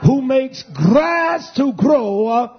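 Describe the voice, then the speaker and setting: A man's voice: extremely high pitch, big pitch swings, very slow, husky, lo-fi sound. A man preaching a sermon, exhorting and calling out to the congregation.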